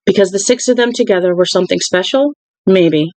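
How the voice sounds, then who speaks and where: A reader narrating a novel aloud in an even, unhurried way, with occasional restarts. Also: mid-range voice, no room sound, low-quality recording. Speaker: audiobook reader.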